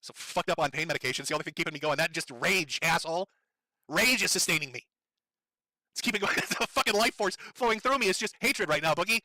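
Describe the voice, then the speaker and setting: A man with a high, sharp, cutting voice, ranting fast and furiously on a live stream. His delivery is profane and sarcastic, swinging wildly up and down in pitch, and his throat sounds strained from yelling. The sound is dry and close. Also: no room sound.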